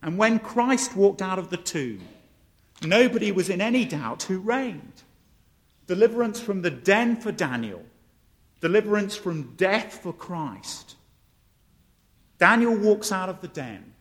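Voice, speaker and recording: A man's voice: sits high, big pitch swings, unhurried, long pauses, fairly bright tone. A man preaching a sermon and telling the story with animation, acting out the voices he quotes. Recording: long hall reverb.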